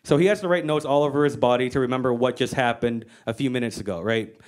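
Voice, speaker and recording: Woman comic on stage, animated, sweary and mock-exasperated, stage mic. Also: rumbling low, quick pace. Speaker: stand-up comedian. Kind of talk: stand-up comedy set. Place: comedy stage.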